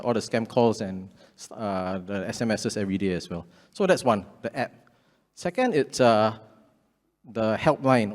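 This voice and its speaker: A Singaporean-accented man talks a crowd through practical advice in a relaxed, matter-of-fact way, at an average pitch for a man. His voice carries the long reverb of a large hall. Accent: Singaporean English. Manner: plain and practical, loose conversational explaining. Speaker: public education official. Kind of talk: panel talk explaining to an audience. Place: event hall with audience. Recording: echoey hall.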